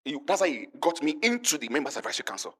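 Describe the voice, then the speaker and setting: A man with a Nigerian accent telling a lively testimony at a conference, acting out the voices of the people he quotes and calling out to the audience. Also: a little high, racing, husky. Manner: lively storytelling, acts out quotes, calls to the audience. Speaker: conference speaker. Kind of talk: animated testimony talk.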